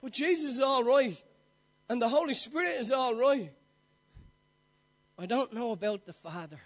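Preaching at a normal speed, a man with a very high-pitched voice delivers an earnest sermon. He builds momentum through repeated phrases and puts direct questions to his congregation.

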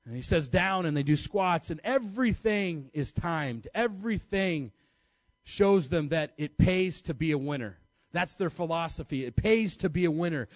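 A man's voice: a little high, dry recording. An American man preaching, telling a story in a chatty, self-mocking way and laughing at himself. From United States. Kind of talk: storytelling sermon to an audience.

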